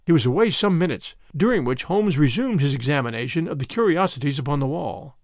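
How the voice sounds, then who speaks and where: Lively male audiobook narrator. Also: a little high, a little fast, hardly any pauses, dry recording, clean studio sound. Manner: expressive storytelling. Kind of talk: scripted narration.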